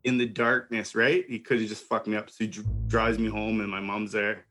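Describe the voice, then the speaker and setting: A man's voice: fairly low pitch, level tone, brisk, a bit bright, soft background music. A young man telling a wild story in casual chat, swearing, laughing and acting out what people said. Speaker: podcast host telling a story.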